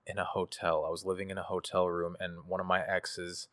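A man's voice: sits low, completely flat delivery, a little fast, fairly bright tone, dry recording, studio quality. A man, a guest artist in an interview, talking candidly in a casual, profane and reflective way, with many fillers.

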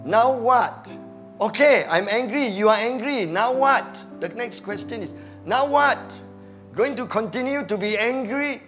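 A male pastor with a Malaysian English accent preaches in a high, unhurried voice. He is animated and slips into quiet muttered asides. Soft music plays faintly behind him. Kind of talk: sermon. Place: church.

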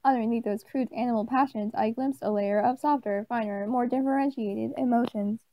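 Deadpan woman reading aloud, stumbling and swearing. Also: fairly high pitch, brisk, dry recording, highs cut off. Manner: deadpan reading, stumbling and breaking off to swear and make snide asides. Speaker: channel host reading aloud. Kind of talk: mock dramatic reading of a story.

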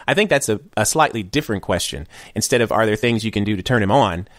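A man's voice: on the low side, animated, quick pace, no room sound, studio quality. A man hosting a podcast in casual chat, asking questions and guiding the conversation. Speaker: podcast host.

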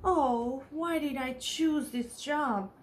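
A woman's voice: high-pitched, slow pace, echoey room, slight background noise. A woman reading aloud, voicing a fussy, easily flustered male mouse who edits a newspaper in a children's storybook. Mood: exasperated. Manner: fretful, exasperated.

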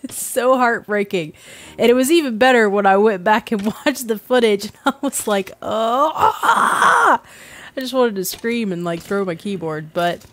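A woman hosting a gaming let's play, chatting casually and self-deprecatingly as she plays, laughing often. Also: medium pitch. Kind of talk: casual gameplay commentary.

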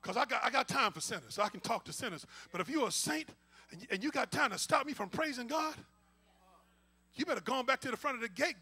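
A man preaching a sermon in a church. He moves between hushed, near-whispered pleading and shouted exclamations, calling out "glory to God" as he goes. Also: extremely high pitch, expressive, fast, breathy edge. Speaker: pastor. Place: church sanctuary.

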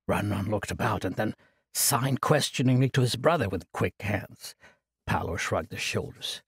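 A man narrating a fantasy audiobook in an expressive storytelling manner. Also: lowish voice, moderate pace, gravelly, breathy edge, no echo, studio quality.

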